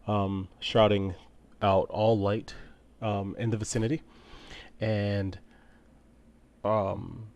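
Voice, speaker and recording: A low-voiced man runs a tabletop game on a stream, talking loosely with plenty of ums and uhs. When the scene turns eerie he lowers his voice and slows down, keeping a relaxed flow. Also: highs cut off. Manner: relaxed, many fillers, drops quiet for eerie narration. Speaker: game master.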